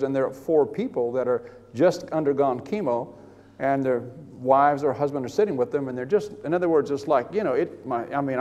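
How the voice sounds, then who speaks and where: Older male preacher in a reverberant hall. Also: fairly high pitch. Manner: storytelling, animated, rambling with restarts. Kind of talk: sermon testimony.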